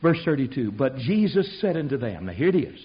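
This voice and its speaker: A man preaching an animated sermon, telling the story in a folksy way and swinging from loud to hushed. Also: mid-range voice, fairly quick. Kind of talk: animated sermon with acted-out voices. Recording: dull lo-fi sermon recording.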